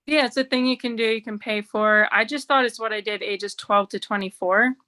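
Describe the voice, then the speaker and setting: A woman doing a stand-up set at an online open mic. Her voice is bright and a little high, and she talks in a wry, chatty way full of "like"s. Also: fairly even intonation, fairly quick. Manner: wry, chatty delivery with many "like"s. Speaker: stand-up comedian. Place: remote open mic over video stream.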